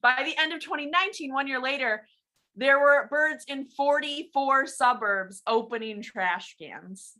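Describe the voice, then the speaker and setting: A woman's voice: high-pitched, unhurried, bright, forceful tone. A woman co-hosting a podcast, casually telling a news story and laughing often. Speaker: podcast co-host. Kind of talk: casual chat.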